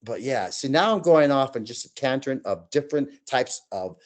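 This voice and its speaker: A man in his sixties, a guest telling his own stories in a casual chat, animated and acting out voices and sounds as he goes. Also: medium pitch, normal speed. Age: 60s.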